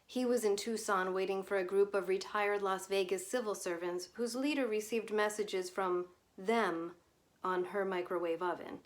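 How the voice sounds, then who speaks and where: A woman reads a short story aloud as scripted narration. Her delivery is measured and subdued. Her voice sits at an ordinary middle pitch for a woman. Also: fairly even intonation. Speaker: reader.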